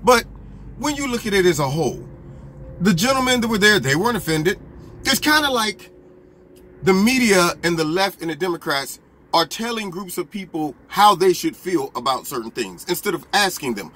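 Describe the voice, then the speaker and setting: A man giving opinionated political commentary in an animated, argumentative way, full of rhetorical questions. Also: sits high, moderate pace, breathy edge.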